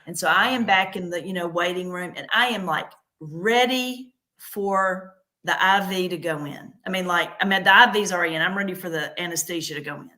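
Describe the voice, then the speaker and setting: A middle-aged woman from the South hosts a casual chat. She tells stories in an animated way, with a bright, clear tone. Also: fairly low pitch, a little fast, few pauses. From American South. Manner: animated storyteller, drawling. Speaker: host.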